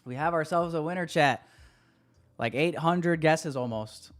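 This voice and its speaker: A man's voice: on the high side, a little slow. A man hosting a live trading stream, chatting casually with viewers, loose and hyped, swearing now and then.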